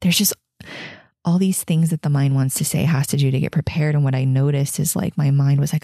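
A pregnant woman in her thirties talks in a candid, chatty way on her own podcast, laughing often and circling back on her words. Her voice sits low and mellow. The sound is close and dry, with no room around it. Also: steady tone, normal speed, dry recording. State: heavily pregnant. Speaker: podcast host. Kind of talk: casual personal reflection.

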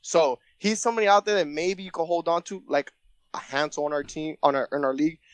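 A man's voice: on the high side, fairly even intonation, quick pace, clear, resonant tone, no echo. A young man co-hosting a podcast, chatting casually and jokingly, often repeating his words. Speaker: podcast co-host. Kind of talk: casual sports chat.

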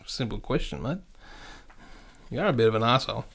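A man's voice: mid-range voice, lively intonation, fairly quick, creaky, fairly bright tone, slightly rough. A man with an Australian accent, a podcast guest in casual chat, blunt and swearing freely. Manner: blunt, swears freely, keeps saying "mate".

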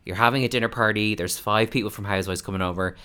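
A man hosting a relaxed podcast conversation, with a very low voice that still sounds bright and forward. He is upbeat, laughs easily and strings together long, chatty questions. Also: quick pace, clear, resonant tone. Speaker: podcast host. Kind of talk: casual podcast chat.

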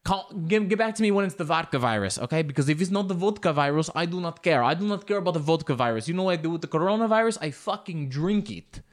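A man's voice: fairly high pitch, lively intonation, fast talker, few pauses, natural voice. A man voicing a blunt, boastful older ex-KGB tough guy with an Eastern European accent. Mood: defiant.

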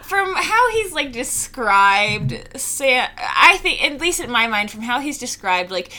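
A woman's voice: fairly high pitch, takes it slowly, poor audio. A woman co-hosting a podcast, chatting and laughing about a TV episode, saying "like" often. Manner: giggly, animated, says "like" a lot. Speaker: podcast co-host. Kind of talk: casual chat.

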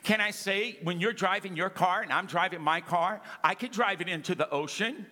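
A man's voice: high voice, moderate pace. A middle-aged man preaching a sermon to a congregation, calling out to them and acting out little scenes. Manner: animated preaching with audience call-outs. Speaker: pastor. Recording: long reverb of a large hall.

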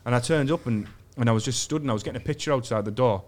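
A man's voice: mid-range voice, rapid-fire. A man from England, telling crude, sweary stories on a podcast and acting out other people's lines. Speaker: podcast guest. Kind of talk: storytelling in casual chat. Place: podcast studio.

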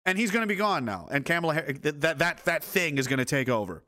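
A man's voice: on the high side, very animated, fast talker, sharp tone. A man reacting to news reports and photos in a sarcastic, angry, heavily profane rant. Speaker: commentator.

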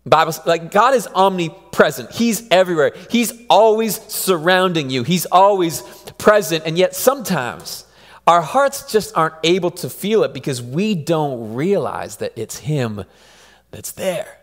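A man's voice: fairly high pitch, animated, unhurried. A man in his thirties, a pastor, preaching a conversational sermon with repeated phrases. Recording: long hall reverb.

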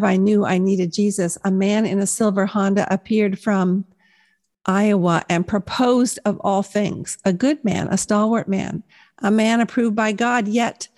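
A woman's voice: medium pitch, darkish tone. A woman in her sixties giving a personal faith testimony, telling her story in an earnest, reflective way. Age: 60s.

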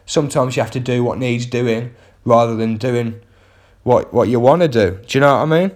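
A man, a comedian talking into a close podcast mic and spinning a rambling story about a gig. His delivery is self-mocking, full of wry asides, and his voice sits at an everyday middle pitch. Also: normal speed, darkish tone. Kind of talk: casual comic monologue.

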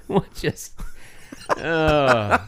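A man's voice: a little high, lively intonation, drawn-out words. A man from Colorado co-hosting a podcast in a casual comedy chat, joking and laughing often. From Colorado, USA. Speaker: podcast co-host.

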